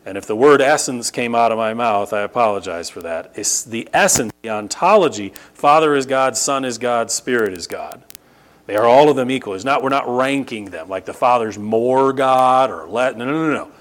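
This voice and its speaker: A middle-aged male pastor preaching a sermon. He teaches the congregation emphatically and repeats words for stress. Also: moderate pace. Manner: emphatic, rises to sharp high bursts and repeats "no, no, no"; teaching, explains Greek grammar to the congregation.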